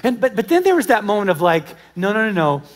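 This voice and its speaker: Animated American pastor, high voice. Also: male voice, fast. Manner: animated storytelling, acts out dialogue, swings between loud and hushed. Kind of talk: sermon. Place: church auditorium with live congregation.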